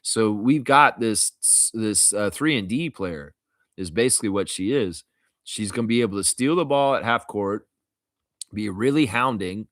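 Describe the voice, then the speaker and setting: Low-voiced man chatting on a stream. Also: a little slow, a bit bright, no echo, clean studio sound. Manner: jokey, rambling, laughs at own jokes. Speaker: live stream host. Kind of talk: casual live stream chat, reading comments.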